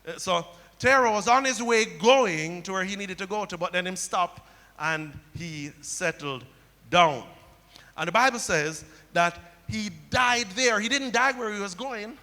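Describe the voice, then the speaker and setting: In a church sanctuary with long hall reverb, a pastor preaches a sermon in a high, bright, forceful voice at a measured pace. He tells stories and repeats key phrases back to the congregation.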